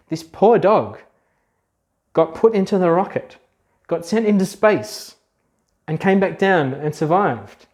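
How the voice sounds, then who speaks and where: A man's voice: on the high side, a little slow. A man, a children's book author, telling facts to kids in a chatty, casual storytelling manner. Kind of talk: explainer video for kids.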